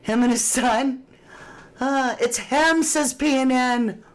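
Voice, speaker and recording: A woman's voice: high-pitched, slow pace. A woman hosting a casual livestream, chatting and reading viewer comments aloud with frequent laughs. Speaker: true crime livestream host.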